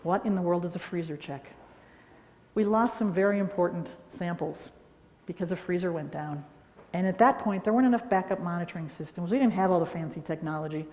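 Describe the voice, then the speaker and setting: A middle-aged woman giving a conference talk, telling anecdotes in a lively way and often checking in with "all right?". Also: lowish voice, fairly quick. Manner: animated storytelling with frequent "all right?". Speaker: conference speaker. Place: large lecture hall. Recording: echoey hall reverb.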